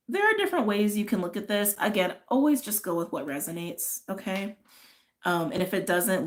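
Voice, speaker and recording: A woman doing a casual tarot and astrology reading, chatty and rambling, often drifting into tangents and filling her talk with "like" and "right". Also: medium pitch. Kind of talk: casual spiritual reading chat.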